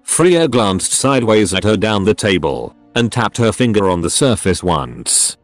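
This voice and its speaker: Synthetic male narrator, deep-ish, dry close sound, soft music bed. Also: a little slow, dry recording. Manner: flat synthetic delivery reading all parts alike. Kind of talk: text-to-speech story reading.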